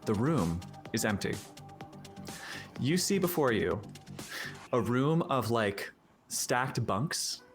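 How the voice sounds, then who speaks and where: A man's voice: medium pitch, takes it slowly, long pauses. Chill guy DMing a horror game, says like a lot, music playing behind. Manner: relaxed, casual, lots of "like". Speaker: game master. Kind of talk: narrating a tabletop horror game.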